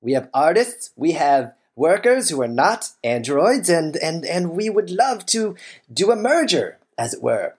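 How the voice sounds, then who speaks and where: Woman playing billionaire boss man, pompous, drawling, deep put-on voice, comedy sketch. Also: very animated, unhurried, a little mellow, breathy edge, exaggerated voice. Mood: schmoozing.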